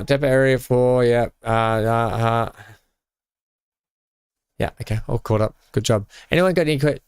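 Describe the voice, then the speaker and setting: A man's voice: mid-range voice, smooth, no room sound, clean studio sound. Chatty man live-streaming a game. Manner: chatty, reads chat aloud and greets viewers with many fillers. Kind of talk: casual live-stream commentary while building.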